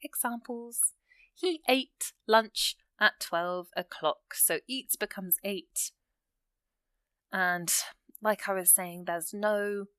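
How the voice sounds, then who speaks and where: A woman teaching an English grammar lesson, explaining rules step by step and reading out example sentences slowly. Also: medium pitch, fairly bright tone, clear, resonant tone, dry recording.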